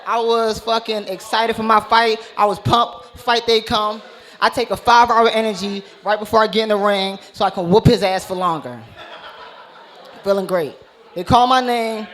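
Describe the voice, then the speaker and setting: A man's voice: high-pitched, fairly bright tone. A man doing a brash, profane stand-up comedy set on a club stage, speaking into a handheld mic. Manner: brash, profane, punchline-driven delivery.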